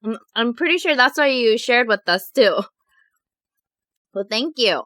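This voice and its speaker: Bright, giggly woman vlogger. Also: on the high side, unhurried, no echo. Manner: animated, giggly storytelling. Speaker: mukbang vlogger. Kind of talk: casual chat reading viewer confessions.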